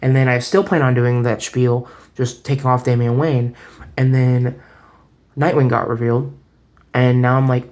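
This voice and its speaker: A man's voice: medium pitch, fairly even intonation, moderate pace, darkish tone. A man giving a casual toy review at home, chatty and rambling, often restarting his sentences, recorded on a camera set on a table. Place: home room.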